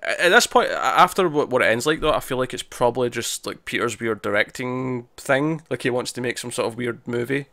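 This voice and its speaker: A man's voice: mid-range voice, expressive, brisk, few pauses, sharp tone, no echo. Dry, rambling podcast man. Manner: rambling recap with many restarts and quoted asides. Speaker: podcast co-host. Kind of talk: casual review chat.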